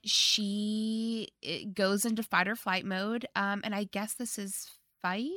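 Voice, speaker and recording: A woman casually chatting as co-host, recapping a movie in an animated way and laughing often. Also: medium pitch, takes it slowly, no room sound, clean studio sound.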